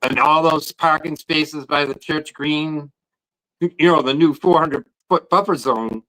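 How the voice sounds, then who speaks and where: Speaking a little slowly in a slightly high, bright and forceful voice, this guest on a casual podcast rambles about his protest outside a court. He keeps restarting sentences, repeating words as he starts them, and the recording is rough.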